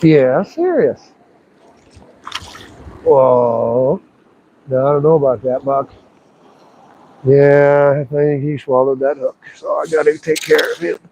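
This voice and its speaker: A man's voice: fairly high pitch, slow, long pauses, slight background noise, poor audio. A man streaming live while fishing outdoors by a river, talking playfully to the fish as he reels it in. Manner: excited, playful, talks to the fish. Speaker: fishing livestreamer.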